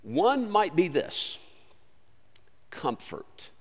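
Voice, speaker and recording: High, lively man preaching in a hall. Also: a little slow. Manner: earnest, conversational preaching with sudden swings from loud to quiet. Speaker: pastor. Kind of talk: sermon.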